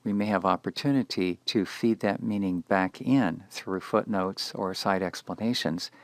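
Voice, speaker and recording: A man teaching Hebrew grammar in a measured, explanatory lecture, slowing down to spell out Hebrew words. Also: sits low, no echo. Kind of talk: scripted lecture.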